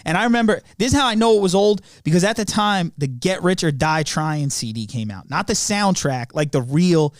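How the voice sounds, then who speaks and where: A man's voice: high-pitched, expressive, fairly quick, few pauses, no echo, studio quality. A young man co-hosting a podcast, telling family stories in slangy casual chat, laughing often and acting out the quotes. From Long Island, New York. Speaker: podcast co-host.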